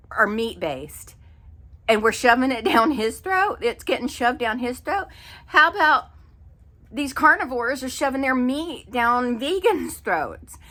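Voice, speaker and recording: Exasperated bright-voiced woman ranting. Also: high-pitched. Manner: exasperated, animated storytelling with fillers. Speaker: vlogger. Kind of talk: casual ranting monologue.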